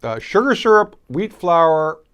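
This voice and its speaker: A man's voice: a little high, very animated, unhurried, a bit bright, smooth. A man from Michigan, hosting a casual candy tasting video, chatting and chewing as he reviews each piece. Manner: chatty, chewing while talking. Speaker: host.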